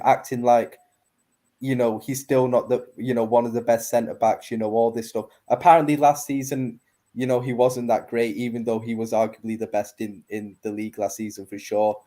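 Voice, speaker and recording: A man's voice: medium pitch, dark tone. A man, arguing his football opinions emphatically in a heated panel debate. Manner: opinionated, emphatic, says innit.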